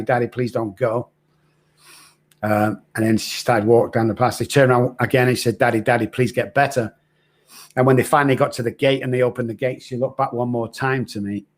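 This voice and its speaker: A middle-aged man, frankly telling his own hard story as a podcast guest. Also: medium pitch. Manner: earnest, raw, frank. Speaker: recovery expert guest. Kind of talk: candid personal storytelling.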